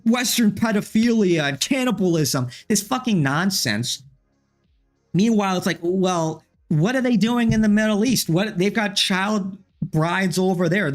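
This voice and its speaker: A man ranting on a livestream in a heated, frustrated way, swearing often. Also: fairly high pitch. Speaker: streamer. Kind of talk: livestream commentary rant.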